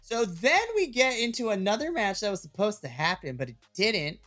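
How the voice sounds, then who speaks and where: A man in his thirties co-hosting a wrestling podcast, recapping matches in an animated way and laughing often. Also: sits high, normal speed, soft background music. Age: 30s. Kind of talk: casual chat.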